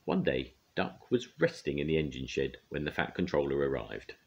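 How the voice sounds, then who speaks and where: An older man reading a children's story aloud with an expressive, lively delivery. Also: a bass voice, normal speed, gravelly. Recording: dull lo-fi recording.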